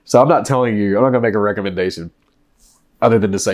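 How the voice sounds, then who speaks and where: A man's voice: fairly low pitch, racing. Joking man rambling to camera. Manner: joking, rambling, laughs often. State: after eating a very hot chip. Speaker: vlogger reviewing food and drinks. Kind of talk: casual chat to camera. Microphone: desk mic.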